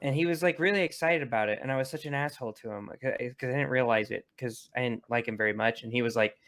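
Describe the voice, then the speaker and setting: A man's voice: mid-range voice, quick pace, a bit bright. A man telling a self-mocking story in a casual podcast chat, swearing freely. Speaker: podcast co-host.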